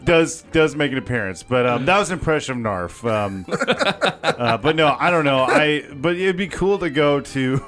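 A man's voice: fairly high pitch, animated, normal speed, fairly bright tone. A man co-hosting a podcast in casual chat, rambling with many fillers. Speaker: podcast co-host.

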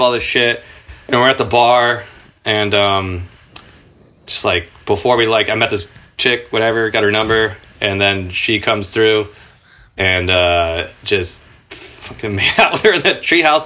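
A man in his thirties, a skateboarder guest on a podcast, telling laid-back, profane stories and laughing as he talks. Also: bright, forceful tone. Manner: raises his pitch a lot when quoting people. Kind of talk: casual podcast storytelling.

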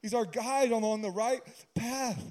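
Pastor, male, higher pitch, mellow tone, casual preaching with jokes. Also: a little slow. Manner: conversational preaching with humorous asides. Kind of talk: sermon.

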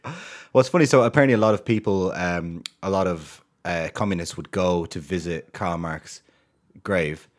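Podcast cohost guy with a really deep voice, loves weird trivia, laughs a lot. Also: normal speed. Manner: tells odd trivia, laughs often. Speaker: podcast co-host. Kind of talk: casual podcast chat.

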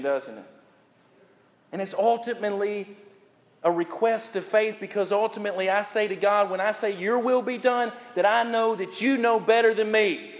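High-voiced man preaching in a reverberant hall. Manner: preaches with rising emphasis and slow repeated phrases. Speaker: pastor. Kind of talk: sermon.

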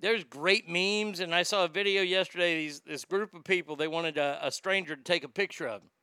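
A man talks through a casual podcast, swearing freely and rambling between listener comments. His voice is bright and crisp, a little high for a man. The sound is dry and close. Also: brisk, no room sound. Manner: profane, rambling, reads listener comments aloud. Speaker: podcast host.

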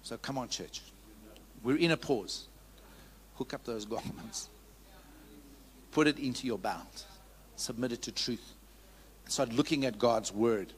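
A pastor preaches a sermon at a church service, speaking at a medium pitch, a little slowly and with frequent pauses. He's fervent and candid, leading the congregation in call-and-response and sharing his own testimony. Piano music plays behind him.

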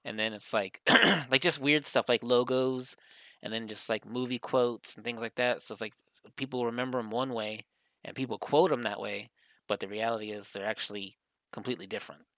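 A man's voice: medium pitch, a little fast, fairly bright tone, no echo. Rambling man telling a story, dry sound. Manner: rambling storyteller, heavy use of "like". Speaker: podcast co-host. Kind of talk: casual chat.

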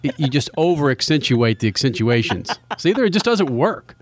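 A man's voice: medium pitch, moderate pace. A man hosting a radio show, chatting casually with co-hosts, joking and laughing often. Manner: laughing, animated banter.

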